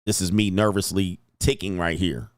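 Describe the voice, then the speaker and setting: Excitable man thinking aloud on a stream. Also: low voice, moderate pace, dry recording. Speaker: livestream host. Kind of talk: casual live commentary.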